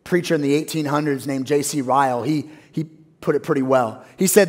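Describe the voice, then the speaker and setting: A man with a high-pitched voice preaches a sermon to a church congregation. He swings from loud, soaring exclamations down to quiet, hushed phrases. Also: brisk. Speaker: pastor.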